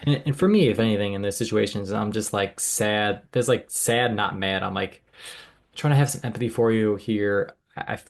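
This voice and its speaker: A man's voice: fairly low pitch, normal speed, vocal fry. A man who works as a health care provider, co-hosting a podcast in casual chat, earnest and emphatic. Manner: earnest, emphatic, with frequent restarts.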